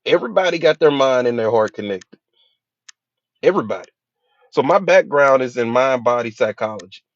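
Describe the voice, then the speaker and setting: A hypnotherapist, an adult with a school-age child, delivers a motivational speech full of emphatic repetition, rhetorical questions, and casual slang. His mid-range voice is expressive and fairly quick, with no room sound, in a dull, dry lo-fi recording.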